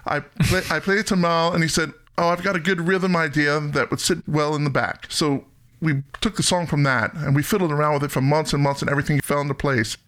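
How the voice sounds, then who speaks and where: A man's voice: fairly high pitch, steady tone, fairly quick, a bit bright, close to an everyday voice. A man quoting a rock guitarist in an attempted Australian accent that comes out sounding British. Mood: recounting.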